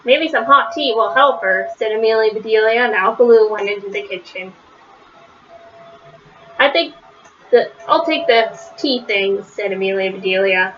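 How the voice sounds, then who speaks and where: A woman reading a children's picture book aloud, with a lively delivery that rises high on the characters' shouts. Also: normal speed, highs cut off, slight background noise. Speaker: storybook reader.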